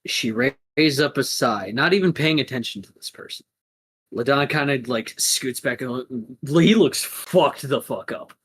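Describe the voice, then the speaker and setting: A woman narrating a tabletop game as game master, casual and animated. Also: a bass voice, moderate pace, husky.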